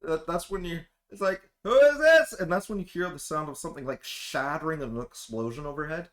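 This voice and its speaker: A man's voice: on the high side, fairly even intonation, fast, a bit bright. A man running a tabletop role-playing game as game master, narrating and voicing characters on phone calls.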